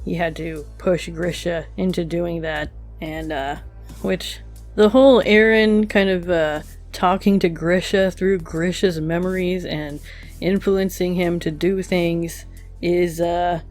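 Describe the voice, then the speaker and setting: An anime reviewer talks through an episode in a relaxed, musing way, pausing on fillers as the thoughts come. The voice sits at a middle pitch. Quiet music plays underneath. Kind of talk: casual episode review while drawing. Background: faint background music.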